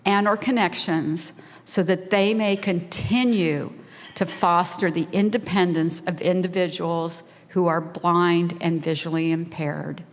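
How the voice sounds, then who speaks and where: A woman's voice: fairly low pitch, fairly even intonation, unhurried. A woman in her sixties giving a heartfelt prepared speech as a volunteer at a fundraising lunch. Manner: heartfelt, emotional, tearing up at times. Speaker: volunteer speaker. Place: large banquet hall. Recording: reverberant hall PA.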